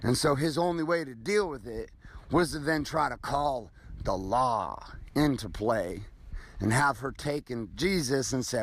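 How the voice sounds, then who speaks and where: A man's voice: mid-range voice, expressive, measured pace. A middle-aged man hosting a motivational podcast, talking bluntly and casually with profanity as he tells a story. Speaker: podcast host.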